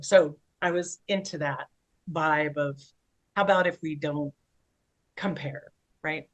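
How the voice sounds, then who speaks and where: A woman co-hosting a podcast, telling long rambling stories in casual conversation with animated asides. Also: sits low, slow pace, pauses often, low-quality recording. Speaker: podcast co-host.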